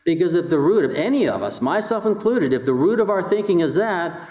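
A man preaching a sermon, speaking with his listeners more than at them and leaning on rhetorical questions. His voice sits a little high. The room around him rings with echo. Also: sing-song, brisk, darkish tone. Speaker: pastor.

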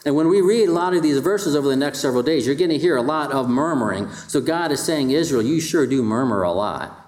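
A man's voice: mid-range voice, animated, fast, darkish tone, echoey room. A man delivering a sermon in a conversational style and putting rhetorical questions to his congregation. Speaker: pastor.

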